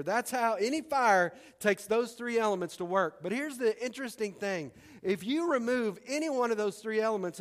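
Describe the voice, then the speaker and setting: A man preaching a sermon as pastor in a church, conversational and punchy with emphatic repetition. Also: high-pitched. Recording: long hall reverb.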